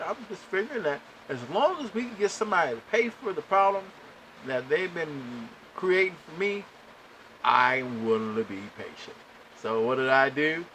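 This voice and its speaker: A man's voice: on the high side, normal speed, a little hiss or hum, low-quality recording. A man hosting a podcast, telling a long story in a casual, exasperated way and speaking straight to his listeners. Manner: animated, exasperated, addresses listeners directly. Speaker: podcast host.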